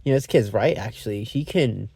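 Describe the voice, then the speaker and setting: A man's voice: medium pitch, fairly quick, vocal fry, mellow, slightly rough, dry recording. A man giving a casual, meandering movie review, often restarting his sentences and swearing freely. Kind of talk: casual rambling film review.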